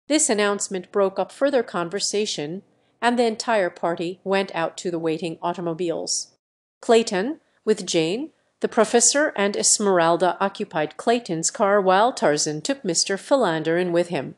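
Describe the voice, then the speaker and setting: A computer-made woman's voice reads a novel aloud at a mid pitch. The delivery is steady and even, with the neat pacing of scripted audiobook narration. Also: normal speed. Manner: steady synthetic reading voice.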